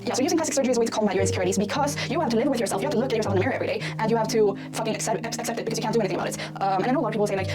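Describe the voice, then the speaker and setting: Young woman vlogger, higher-pitched, blunt and profane, over background music. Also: rapid-fire. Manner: blunt, swears constantly, ranting. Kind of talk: casual vlog talk.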